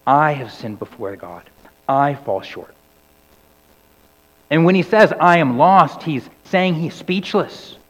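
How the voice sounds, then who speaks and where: A man preaching a sermon. His delivery sinks low and soft on key words and climbs to loud cries when he quotes scripture. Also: sing-song, slow, pauses often. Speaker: pastor. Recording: dull recording with long hall reverb.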